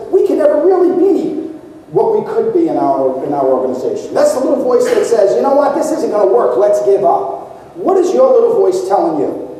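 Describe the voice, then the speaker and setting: This man's voice is high but dark in tone as he gives an emphatic motivational keynote, posing rhetorical questions to the crowd. He was recorded from a distance in a big, echoey conference hall, and a little hiss or hum comes through.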